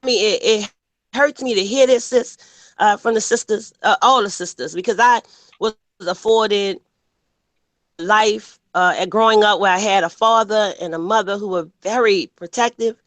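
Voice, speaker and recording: A woman's voice: medium pitch, normal speed, a bit bright, no echo. A woman co-hosting a casual panel talk, emphatic and blunt, often asking "you know what I'm saying". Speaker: panel host.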